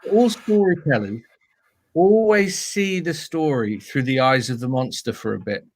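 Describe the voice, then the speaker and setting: A British man, a storyteller, telling funny anecdotes in a playful, animated way during a casual interview. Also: medium pitch, measured pace. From Britain. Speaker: storyteller guest.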